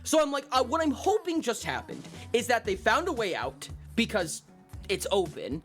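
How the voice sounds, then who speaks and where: A man telling a story in casual stream chat, animated and profane, with lots of exclamations. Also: very high-pitched, moderate pace. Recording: faint music in background.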